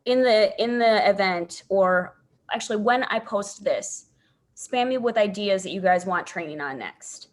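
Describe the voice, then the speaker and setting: A woman from Central Wisconsin hosts a casual team training over a video call. She talks in a chatty, animated way, with quick asides. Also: mid-range voice.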